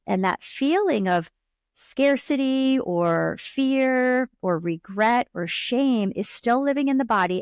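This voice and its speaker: A woman's voice: mid-range voice, dry recording, clean studio sound. A woman hosting a self-help podcast, talking earnestly to her listener in a coaching tone. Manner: earnest, coaching tone, acts out inner voices. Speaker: podcast host and subconscious coach. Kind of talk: solo self-help talk.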